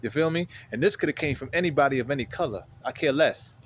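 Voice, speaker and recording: A man telling a story in a casual vlog, animated and slangy, often checking in with the listener, outdoors on a city street. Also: mid-range voice, quick pace, a little hiss or hum, rough recording. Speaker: vlogger.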